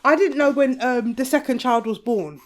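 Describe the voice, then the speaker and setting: A woman with an English accent, co-hosting a casual chat podcast, emphatic and quick to jump in. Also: high-pitched. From England. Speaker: podcast co-host.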